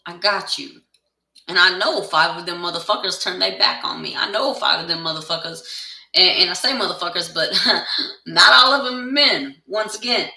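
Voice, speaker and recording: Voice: medium pitch, normal speed, vocal fry, bright, forceful tone, far from the mic. A tarot reader in a blunt, profane, heated casual rant to camera. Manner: heated, insistent. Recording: echoey room, voice away from the mic.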